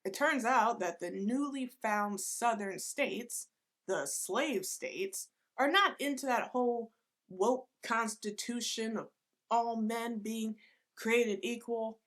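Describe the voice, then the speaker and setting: A woman with a fairly high voice walks through a history lesson as comedy, dropping sarcastic asides in a flat, deadpan way. She explains things like a teacher who is also joking.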